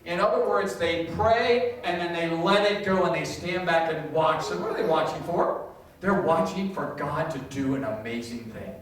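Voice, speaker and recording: A middle-aged man preaching a sermon as pastor, animated and self-deprecating, acting out quoted voices. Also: on the high side, normal speed, distant mic, slight background noise. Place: church sanctuary. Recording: echoey hall, voice from off-mic.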